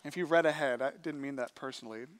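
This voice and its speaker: Male pastor, sermon, animated storytelling, casual conversational delivery. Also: mid-range voice, fast. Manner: animated storytelling with acted quotes.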